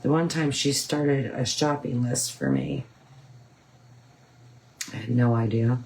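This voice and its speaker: A woman's voice: a bass voice, very animated, slow pace, dark tone, slight background noise, poor audio. A woman hosting a painting tutorial, chatting casually and rambling with frequent ums. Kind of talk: casual chat while painting.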